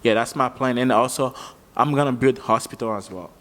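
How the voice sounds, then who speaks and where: A man from Africa, a musician guest, chatting casually in an animated, slangy way and laughing often. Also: mid-range voice, a little fast, in a large hall. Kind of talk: casual chat.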